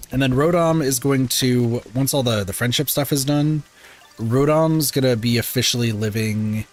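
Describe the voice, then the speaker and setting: A man streaming a life-simulation game, chatting casually and rambling with lots of filler words and self-corrections, sounding a bit sleepy. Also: medium pitch. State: sleepy, yawning. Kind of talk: casual gameplay stream commentary.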